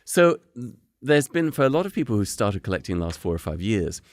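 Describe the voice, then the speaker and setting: A man's voice: on the low side, big pitch swings, fairly quick, no echo. A man hosting a podcast, joking, laughing and chiming in during a casual interview. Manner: jokey, laughs often, interjects. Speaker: podcast host.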